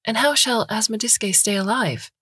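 A woman voicing a fierce young thief girl who speaks in a sharp, snappish way. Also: a little high, normal speed, husky, no room sound, clean studio sound, voice pushed up. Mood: defiant.

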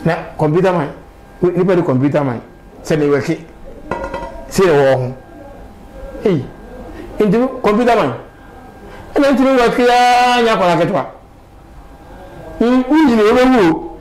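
A man's voice: high-pitched, moderate pace, pauses often, a little mellow, a little hiss or hum, low-quality recording. A man talking animatedly in a casual street interview, with emphatic bursts and sudden exclamations.

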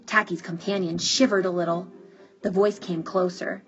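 A woman reading a children's picture book aloud in an animated, expressive way. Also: medium pitch, a little slow, breathy edge. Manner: animated, drawing out words for effect. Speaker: storybook reader. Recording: dull, muffled recording with faint music.

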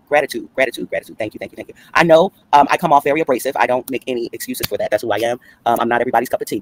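Fast-talking blunt streamer, man. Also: a little high. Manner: blunt and profane, talks straight to his chat. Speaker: commentary channel host. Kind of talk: casual live-stream commentary. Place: upstairs room at home. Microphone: old phone.

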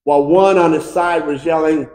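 An American pastor preaching a fervent sermon, swinging between shouted climaxes and hushed, quiet lines. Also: male voice, on the high side, fairly even intonation, moderate pace. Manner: impassioned preaching, building to shouts and dropping to hushed tones. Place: church sanctuary. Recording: echoey church room.

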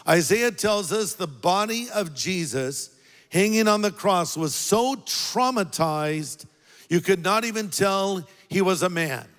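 A man preaching a sermon as pastor, talking conversationally, dropping low for quoted words and rising for emphasis. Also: expressive, slow, a bit bright. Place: large church auditorium. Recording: long reverb of a large hall.

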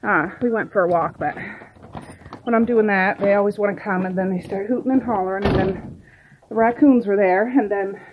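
A woman's voice: medium pitch, background noise. A middle-aged woman chatting casually through her day in a vlog, rambling to the camera and talking to her pets and birds. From Nova Scotia, Canada. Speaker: vlogger.

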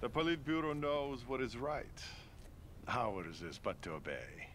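A smug Soviet colonel. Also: male voice, mid-range voice, sing-song, unhurried, fairly bright tone, slight background noise. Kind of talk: game cutscene dialogue.

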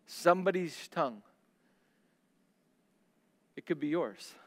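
A male pastor preaching a sermon, swinging between loud declarations and hushed, slow lines. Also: sits high, in a large hall.

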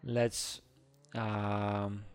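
A man hosting a gaming video, chattering excitedly through live gameplay commentary with small slips in his English. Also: lowish voice, extremely slow, clean tone. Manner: excitable, narrates his own actions, squeals when scared.

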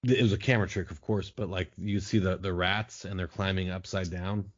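A man's voice: low voice, fairly even intonation, fairly quick, highs cut off. A man talking as a podcast guest, riffing in a profane, sarcastic way in casual chat.

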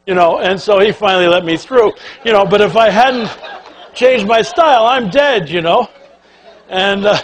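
Older male speaker, high-pitched, folksy and lively, acts out the characters in his stories. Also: normal speed. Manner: animated, folksy, acts out quotes and quacking sounds. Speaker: keynote speaker. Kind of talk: storytelling speech to an audience.

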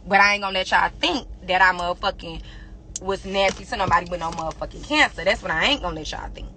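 A woman's voice: fairly low pitch, bright, forceful tone, a little hiss or hum. A young woman in an angry social media rant, defiant and profane, firing insults at her critics. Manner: rapid-fire insults directed at critics. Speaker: rapper addressing fans.

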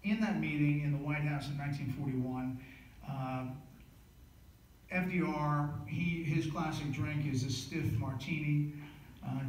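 A man, an author giving a book lecture, telling history as animated stories, recorded from a distance in an echoey hall. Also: on the high side, slight background noise. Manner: animated storytelling with frequent fillers and restarts. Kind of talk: storytelling lecture.

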